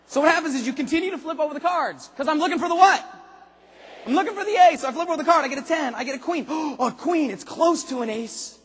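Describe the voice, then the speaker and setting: A man giving an energetic convention speech, firing punchy questions at the audience and sometimes bursting into shouts. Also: very high voice. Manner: rapid-fire questions to the audience, punchy and emphatic. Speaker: motivational speaker at a sales convention. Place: large convention hall. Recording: long hall reverb.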